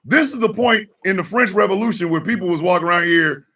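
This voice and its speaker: Man, high gravelly voice, shouting rant, morning show host, a little off-mic. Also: fast, distant mic. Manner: fired-up and shouting, mock call-outs. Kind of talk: ranting talk show monologue.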